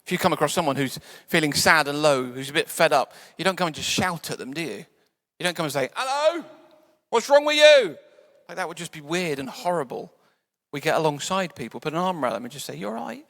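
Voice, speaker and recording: A man preaching a sermon in a church, conversational and playful, sometimes dropping to soft quiet tones. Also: a little high, quick pace. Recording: church hall reverb.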